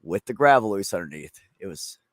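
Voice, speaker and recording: A man's voice: sits low, expressive, a little fast, no echo, clean studio sound. A man hosting a casual chat, telling a long story in a rambling, profane way. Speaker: streamer host.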